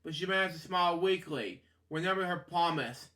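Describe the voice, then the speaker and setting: Bright-voiced man rambling through a storybook. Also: fairly high pitch, brisk. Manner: rambling, stumbles and restarts often. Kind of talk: reading a storybook aloud with rambling asides.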